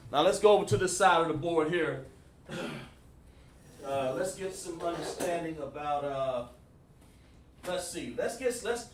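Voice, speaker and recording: A man teaching a casual class at a whiteboard, talking in a relaxed, folksy way and often repeating himself as he addresses students directly. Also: fairly high pitch. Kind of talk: casual classroom lesson streamed online. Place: room with a whiteboard. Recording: echoey room, speaker far from mic.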